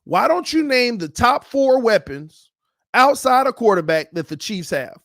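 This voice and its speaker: Hyped man with a high, dry voice. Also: big pitch swings, measured pace, no echo. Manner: hyped, repetitive, swings from low muttering to shouting. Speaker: sports channel host. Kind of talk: fan commentary on football.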